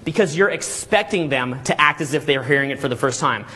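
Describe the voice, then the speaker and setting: A man coaching a live seminar group, talking energetically and checking in constantly with "okay?" and "all right?", sometimes acting out quick scenes. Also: mid-range voice, lively intonation, pushed and bright, husky. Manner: acts out little scenes in quick put-on voices. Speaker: dating coach and boot camp instructor.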